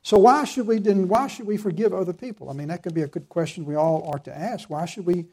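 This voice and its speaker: A man preaching with earnest, emphatic conviction, quoting scripture as he goes. His voice sits a little high but sounds dark and mellow. He presses his points with steady fervor. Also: fast talker, husky. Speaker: pastor. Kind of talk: sermon.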